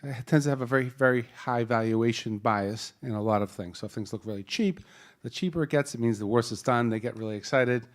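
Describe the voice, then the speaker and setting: A man's voice: mid-range voice, a little fast, hardly any pauses. Joking Boston-accented man moderating a panel. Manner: jokey, lively, rambling with many restarts. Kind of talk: introducing a panel at a live event. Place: conference hall panel.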